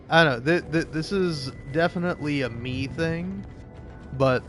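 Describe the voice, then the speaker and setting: A young man with a somewhat high voice tells a meandering personal story while playing a video game. He trips over his words, restarts often, laughs and curses casually. Game music plays clearly behind him. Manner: rambling, self-interrupting, laughs often, swears. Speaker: gaming video creator.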